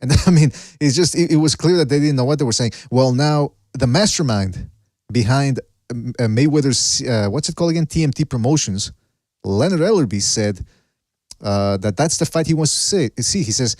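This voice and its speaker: A man hosting a podcast with an easygoing, jokey manner, shouting out callers and people in the chat. His voice sounds dry and close. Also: mid-range voice, expressive, moderate pace, dry recording. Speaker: podcast host.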